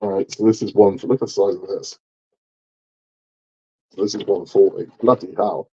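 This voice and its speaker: Joking low-voiced man, lo-fi. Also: fairly even intonation, normal speed, dark tone, husky. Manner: joking, rambling, laughs often. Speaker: host of a live model build stream. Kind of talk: casual live-stream chat while building.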